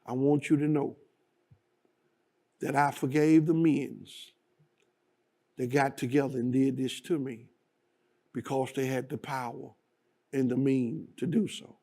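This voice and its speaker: A man speaks in a slow, measured and solemn way. His voice is dark and mellow. Each phrase is set apart, and the talk reads as a prayerful testimony. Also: medium pitch, steady tone. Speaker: guest speaker.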